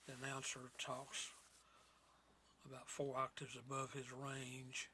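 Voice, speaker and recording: A soft-spoken man co-hosting a podcast, chatting unhurriedly about films with folksy sayings. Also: mid-range voice, monotone, measured pace, a little hiss or hum. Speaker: podcast co-host. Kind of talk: casual chat about films.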